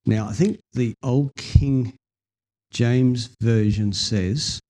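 A man preaching a sermon, telling a Bible story with lively acted-out scenes and talking with the congregation. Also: mid-range voice, drawn-out words. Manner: animated storytelling, acting out scenes.

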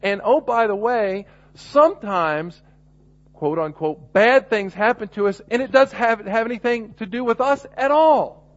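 A man's voice: very high-pitched, animated, a little slow. A middle-aged man preaching a sermon, earnest and restarting often as he builds to emphatic points. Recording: muffled lo-fi recording.

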